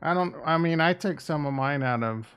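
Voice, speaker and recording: A man's voice: fairly high pitch, normal speed, a bit bright, smooth. A man streaming casually, muttering blunt, sarcastic and profane remarks to himself into a desk microphone. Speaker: crypto streamer. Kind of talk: casual live-stream commentary.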